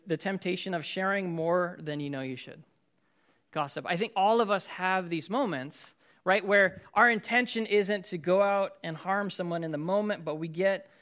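A man's voice: sits high, pushed and bright. A man, a pastor, preaching a sermon in a conversational way, acting out everyday scenes with sudden outbursts.

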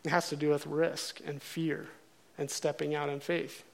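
A man preaching a sermon, telling a story in a casual, animated way and acting out the characters' lines. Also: on the high side, moderate pace, creaky.

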